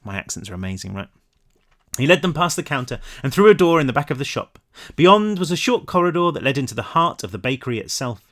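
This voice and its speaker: Lively man reading his novel aloud. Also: a little high, fast talker. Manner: animated, with self-mocking asides. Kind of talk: book read-aloud with casual asides.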